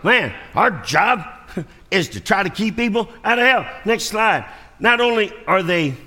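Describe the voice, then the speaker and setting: A man with a slightly high, sharp-toned voice delivers a sermon in a church sanctuary, where the recording has a long reverb. He tells his stories animatedly, giving voice to each character.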